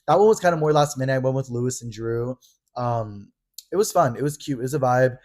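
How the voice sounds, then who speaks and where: A young man co-hosting a podcast, talking quickly in casual chat with lots of fillers and playful mock drama. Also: medium pitch, darkish tone. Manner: fast, chatty, filler-heavy, mock-dramatic. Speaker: podcast co-host. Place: Los Angeles.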